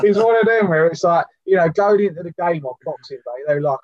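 A man's voice: fairly high pitch, fairly quick, few pauses. Guy, chatty podcast co-host, dull lo-fi call sound, dry, no room echo. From United Kingdom. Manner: chatty, full of fillers and "do you know what I mean". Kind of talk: casual chat.

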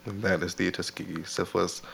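Guy with a lowish voice reading off his notes on a chatty podcast. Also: level tone, brisk, vocal fry, fairly bright tone, breathy edge. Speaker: podcast co-host. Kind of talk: casual chat, reading researched notes.

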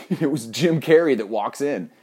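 A young man telling a funny personal anecdote in an animated, profane, self-mocking way. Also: medium pitch, unhurried, slightly rough. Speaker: storyteller.

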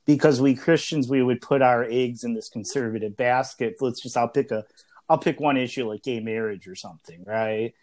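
A man's voice: mid-range voice, normal speed, a little mellow. Man in his early thirties, chatty podcast co-host. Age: early 30s. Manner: conversational, frequent fillers and restarts. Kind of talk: casual podcast discussion.

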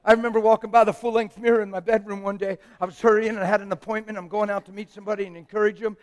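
A middle-aged man preaching with wild swings from excited shouting to hushed, intimate talk, breaking into playful laughing asides. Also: sits high, rapid-fire, clear, resonant tone, in a large hall. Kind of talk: animated sermon.

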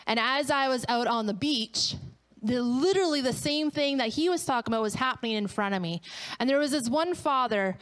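A woman's voice: sits high, fairly quick. A woman pastor giving a sermon, telling stories animatedly and acting out the voices of the people in them. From Canada.

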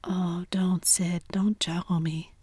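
A woman's voice: lowish voice, flat delivery, slow, mellow, slightly rough, no room sound. A woman voicing a mischievous boy faking illness, a whispered role-play with plaintive groaning.

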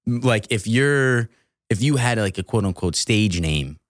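A man's voice: on the low side, lively intonation, unhurried, no room sound, studio quality. A man who is a podcast guest in casual chat, laid-back and rambling with plenty of filler words.

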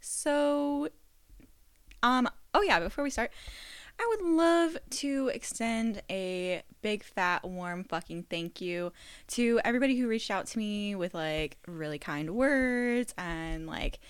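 A woman's voice: medium pitch, takes it slowly, clean tone, no echo. A young woman co-hosting a casual podcast, giggly and sprinkling in swear words and fillers. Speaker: podcast co-host. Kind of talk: casual chat, unedited podcast.

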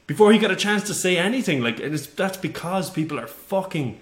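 A man co-hosting a podcast, telling stories in casual, profane chat and jumping high when he mimics people. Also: fairly quick. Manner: animated storytelling, jumps high for quoted voices. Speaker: podcast co-host. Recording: roomy echo.

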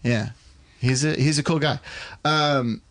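A podcast guest in an easy, chatty mood who rambles through his stories, restarting his sentences. His voice sits at a middle pitch for a man. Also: slow pace, a bit bright, no room sound. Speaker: guest actor. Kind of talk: casual chat.

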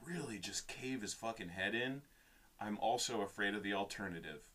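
Male podcast co-host, deep but bright tone, casual and profane. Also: normal speed. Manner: loose, profane, offhand. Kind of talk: casual chat.

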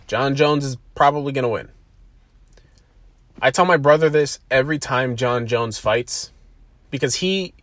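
A man's voice: medium pitch, dry recording. A man hosting a casual solo podcast, rambling off on tangents, swearing freely and poking fun at himself. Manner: rambling, profane and self-deprecating. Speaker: podcast host.

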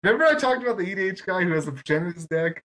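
Rambling storyteller man, a bit high voiced. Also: very animated, rapid-fire, a bit bright, a little hiss or hum. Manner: rambling, self-mocking storytelling with lots of quoted back-and-forth. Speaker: podcast host. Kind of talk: casual chat.

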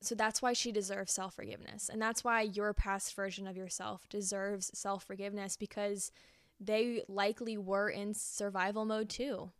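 A woman's voice: mid-range voice, flat delivery, moderate pace, no room sound, studio quality. A young woman hosting a podcast, talking earnestly through a reflective self-help monologue and repeating phrases for emphasis. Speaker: podcast host.

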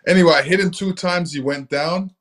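A man from England, a guest in an interview, telling stories from his youth in a relaxed, easygoing way with lots of "you know.". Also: on the high side, a little fast. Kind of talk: relaxed storytelling.

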